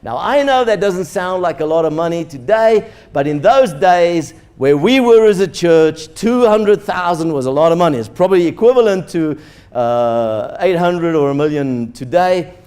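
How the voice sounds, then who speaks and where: Pastor guy, pretty high voice, tells the story like he's acting out every line. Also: normal speed, smooth. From South Africa. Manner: animated storyteller acting out dialogue. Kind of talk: sermon storytelling.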